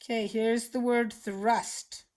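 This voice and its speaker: A woman teaching a children's phonics lesson, explaining words slowly and patiently with clear enunciation. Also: fairly high pitch, flat delivery, darkish tone.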